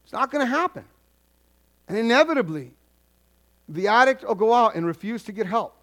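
A male pastor preaches a sermon in a high, sing-song, slightly bright voice at a moderate pace. He repeats his points for emphasis and acts out the voices of congregants he counsels in quoted asides.

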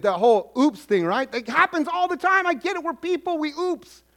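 A man's voice: very high voice, lively intonation, normal speed, hardly any pauses, fairly bright tone. A male pastor preaching a sermon, repeating his points for emphasis and slipping into the voices of the people he counsels. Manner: acts out congregants' voices in quoted asides.

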